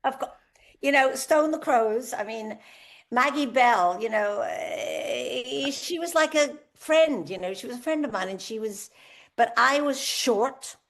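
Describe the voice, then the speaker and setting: A woman in her seventies, a guest singer on a candid podcast interview, tells lively stories and acts out the voices of people she quotes. Her voice is on the high side, a little slow, with vocal fry.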